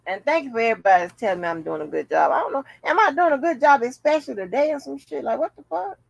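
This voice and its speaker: A woman's voice: sits high, expressive, fast talker, creaky, no echo, highs cut off. A woman hosting a casual commentary vlog, chatting bluntly and jokingly to her viewers with plenty of profanity. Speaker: channel host.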